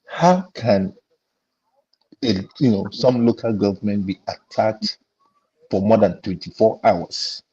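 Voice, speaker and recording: Panel guest: indignant Nigerian man, mid-pitched, slightly husky, lo-fi audio. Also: warm tone. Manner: indignant, tells stories with quoted dialogue. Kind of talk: casual panel discussion.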